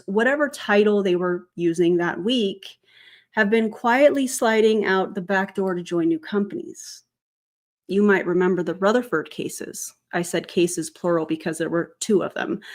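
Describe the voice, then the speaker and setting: Chatty woman with a twang. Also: mid-range voice. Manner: chatty, sarcastic asides, frequent self-corrections. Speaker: commentary channel host. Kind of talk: casual commentary vlog.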